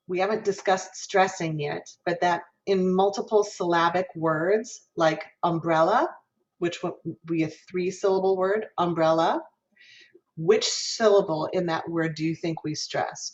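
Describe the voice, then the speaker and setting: A woman's voice: lowish voice, fairly even intonation, a little slow, highs cut off. A woman professor giving a lecture on singing diction, explaining patiently, demonstrating vowel sounds aloud and asking the class questions. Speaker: music education professor.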